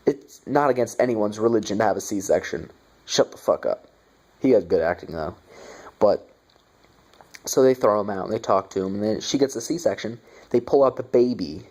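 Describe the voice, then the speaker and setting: A man's voice: fairly low pitch, normal speed, darkish tone. A young man giving a casual movie review, sarcastic and profane, with mocking asides.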